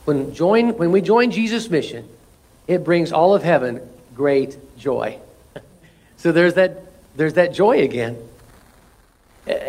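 Male pastor, sermon delivery, high voice, animated, with laughing asides. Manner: animated, laughing asides and swings from loud exclamation to soft intimacy.

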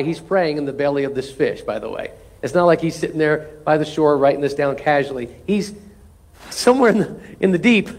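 A pastor delivering a sermon, reading scripture aloud with rising force and breaking off for folksy, humorous asides. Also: male voice, a little high.

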